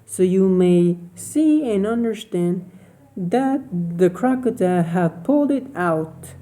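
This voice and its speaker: A woman learning English, retelling a storybook tale in a halting, hesitant way with restarts. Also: medium pitch, lively intonation, dark tone, slight background noise, low-quality recording. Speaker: language learner.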